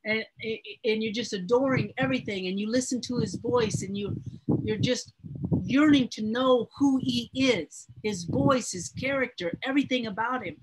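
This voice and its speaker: A woman's voice: fairly high pitch, normal speed, noisy background. A woman teaching a Bible study class in an earnest, emphatic way, often repeating her words.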